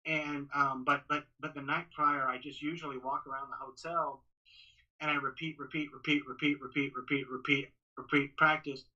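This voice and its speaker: On a muffled recording, a slightly high-voiced man speaks loosely in a podcast interview. He's a ring announcer from Texas whose excited, rapid talk keeps circling back on itself with restarts and repeated words.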